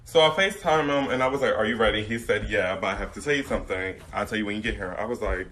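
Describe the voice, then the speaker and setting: A man's voice: on the low side, quick pace, a bit bright, slight background noise. A young man telling a casual storytime in a laid-back, weary way.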